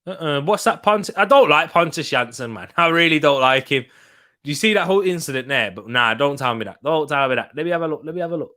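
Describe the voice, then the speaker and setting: Young male streamer, bright higher voice, excitable live football watch-along commentary. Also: fast talker. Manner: excitable, reacting loudly to chances.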